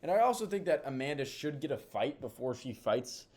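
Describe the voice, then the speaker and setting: A man talking through fight matchups in a loose, casual way. He rambles, restarts his sentences and leans on fillers. His pitch sits in an ordinary middle range. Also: big pitch swings, brisk, darkish tone. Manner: rambling, hedging, lots of fillers. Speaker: MMA commentator. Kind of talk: casual video commentary.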